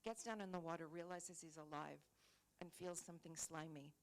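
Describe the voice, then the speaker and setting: Low, gravelly woman telling a story. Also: moderate pace, rough recording. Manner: animated storytelling. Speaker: conference panelist. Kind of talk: panel discussion storytelling.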